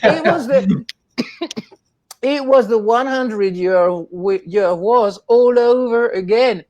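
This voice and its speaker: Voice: medium pitch, slow, darkish tone, dry recording, muffled recording. Guest rambling thru stories in an interview, does little voices for people, dry close sound. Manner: rambling, anecdotal storyteller; acts out quoted voices. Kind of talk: casual interview chat.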